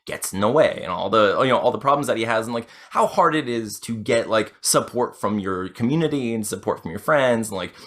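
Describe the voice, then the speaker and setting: A man's voice: fairly low pitch, lively intonation, fairly quick, few pauses, fairly bright tone. A young man hosting a casual podcast, rambling and self-deprecating, with many fillers and restarts. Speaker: podcast host.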